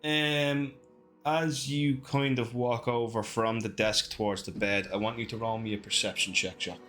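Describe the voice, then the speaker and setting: Bright-voiced man running a tabletop game. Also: mid-range voice, steady tone, moderate pace, soft background music. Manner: casual, swears freely, describes scenes. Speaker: game master.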